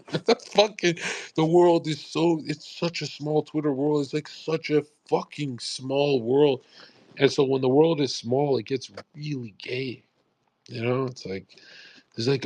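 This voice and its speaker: A man's voice: medium pitch, no echo. A man streaming on a live audio space, rambling in a casual monologue full of swearing and "bro". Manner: profane, animated, calls listeners "bro".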